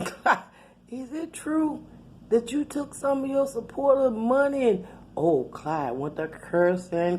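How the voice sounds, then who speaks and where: A woman's voice: low voice, a little mellow, a little hiss or hum. A middle-aged woman telling a rambling, profane, laughing story in casual chat. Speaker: channel host.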